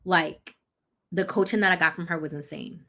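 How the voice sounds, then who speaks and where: A woman's voice: fairly low pitch, fairly even intonation, normal speed, fairly bright tone. A woman in her thirties, a business coach hosting a live chat, telling her own story bluntly and with animation, correcting herself as she goes.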